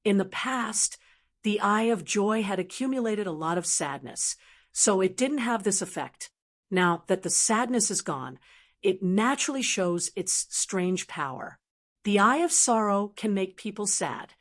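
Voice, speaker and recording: A woman narrating a fantasy novel audiobook in a steady, even reading style. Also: medium pitch, unhurried. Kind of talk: scripted narration.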